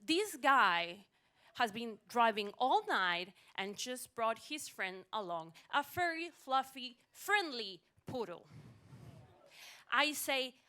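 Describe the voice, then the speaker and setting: A woman telling a funny personal story on stage at a live storytelling event, animated with wry timing, into a stage mic. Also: on the high side, takes it slowly.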